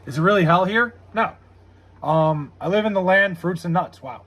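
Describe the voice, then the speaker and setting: A man streaming live from home, talking casually to his chat. His voice sits high and sounds bright and a little husky. He swears freely and vents about the game. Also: normal speed. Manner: profane, frustrated, reads chat aloud. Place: home room with TV.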